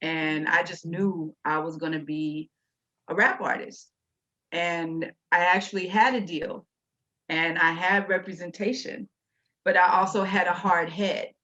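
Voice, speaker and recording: A woman's voice: fairly low pitch, fairly even intonation, a little slow, bright, forceful tone. Candid woman poet on a dull line. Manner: candid, chatty, laughing. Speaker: guest poet. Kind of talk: casual interview talk. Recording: dull, lo-fi sound.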